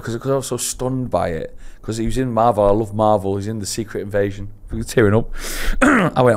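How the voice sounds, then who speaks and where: A young man with a fairly low voice tells an embarrassing story on a casual podcast. He laughs at himself and swings from loud outbursts to hushed asides. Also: a little fast, hardly any pauses. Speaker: podcast co-host.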